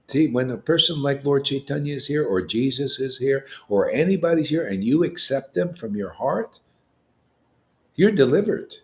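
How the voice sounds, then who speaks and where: A man of ordinary pitch gives an informal devotional talk as a spiritual teacher. He speaks colloquially and keeps turning to rhetorical questions. His voice climbs when he drives a point home. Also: moderate pace, a little mellow.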